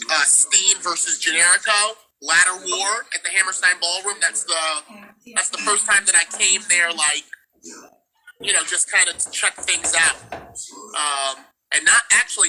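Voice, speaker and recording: A ring announcer from New York telling stories in a casual interview, in a rambling, laid-back way. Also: male voice, fairly high pitch, bright, forceful tone, low-quality recording.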